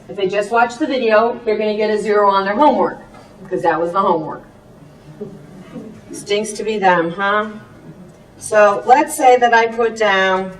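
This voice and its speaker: A woman teacher giving a chatty presentation with quick asides. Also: medium pitch. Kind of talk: classroom presentation. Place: presentation room. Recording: echoey room, far from the mic.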